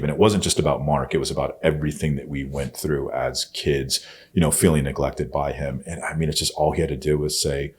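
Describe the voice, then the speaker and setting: A man being interviewed on a podcast, telling a personal story in a blunt, profane way. He often swears and goes soft and hushed when he quotes himself. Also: extremely low pitch, flat delivery, moderate pace. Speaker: podcast guest.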